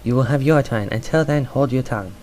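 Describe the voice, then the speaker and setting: A man voicing a gruff, irritable king who speaks in blunt, barking commands in a storybook reading. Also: mid-range voice, fast, darkish tone, slight background noise, lightly acted. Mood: stern.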